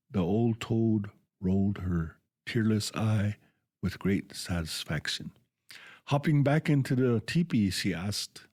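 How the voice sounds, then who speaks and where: A low-voiced man reads a storybook tale aloud on the radio, slowly and carefully. He stumbles and restarts words now and then. The sound is close and dry. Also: a little mellow, no echo. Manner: slow, halting reading with frequent restarts.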